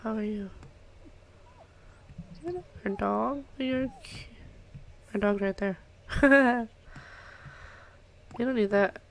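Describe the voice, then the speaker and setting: A woman's voice: mid-range voice, extremely slow, vocal fry, long pauses. A young woman giving casual let's-play commentary, chatting away and cooing at the pets in her game. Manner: chatty, coos and talks to the game's pets. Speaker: gameplay commentator.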